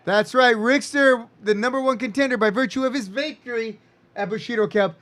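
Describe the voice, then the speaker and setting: High-voiced rambling wrestling promoter. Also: male voice, fairly quick, a bit bright. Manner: rambling, self-correcting announcer patter. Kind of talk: casual promo chat.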